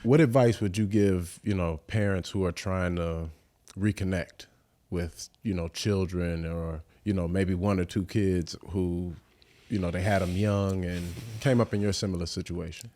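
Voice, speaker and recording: A young man with a low voice hosts a relaxed podcast chat. He keeps the talk going with brief, encouraging agreement and the occasional question. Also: a little slow, hardly any pauses. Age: young adult. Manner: encouraging, short affirmations. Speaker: podcast host. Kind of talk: casual interview chat.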